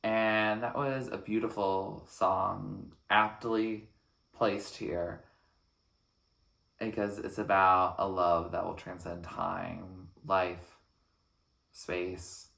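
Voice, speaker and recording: A man reacting to an album track by track, talking in an earnest, thoughtful way with frequent pauses between phrases. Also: sits low, flat delivery, vocal fry, a bit bright, echoey room. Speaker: music reaction channel host. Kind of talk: reflective album reaction commentary.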